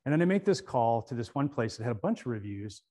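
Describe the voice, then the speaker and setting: A middle-aged man speaking at a conference, telling a story in an animated way and often repeating words as he gets going. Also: medium pitch, fast talker. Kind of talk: storytelling keynote talk.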